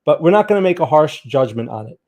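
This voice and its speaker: A man's voice: on the high side, big pitch swings, fast talker, darkish tone. A man streaming live market chart analysis, talking conversationally, often checking in with his viewers and urging them to look closely at the charts. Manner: conversational, keeps checking in with "right?".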